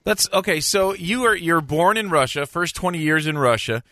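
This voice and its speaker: A man's voice: on the high side, moderate pace, bright, forceful tone. A man hosting his own podcast as a dentist, chatting in an upbeat, jokey way with his guest. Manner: jokey, upbeat, sing-song. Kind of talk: casual interview.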